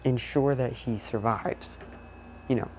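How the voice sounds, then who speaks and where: A man's voice: mid-range voice, slow, darkish tone, dull audio, slight background noise. Rambling young man telling a fan story. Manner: leans heavily on "you know", rambling. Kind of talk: casual improvised story narration.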